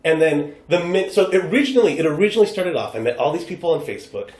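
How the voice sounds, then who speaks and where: An American improv performer appears as a podcast guest, his voice on the high side and his delivery fast. He chats casually and tells stories animatedly, acting out the voices of people he quotes, with a roomy echo on the recording.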